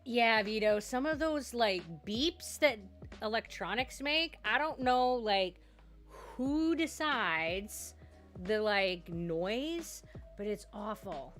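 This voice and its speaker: A woman's voice: a little high, lively intonation, takes it slowly, fairly bright tone, faint music behind. A woman live streamer chatting casually with her viewers, talking loosely with lots of "like"s and frequent laughter. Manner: chatty, laughs often, many filler "like"s. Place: home streaming setup.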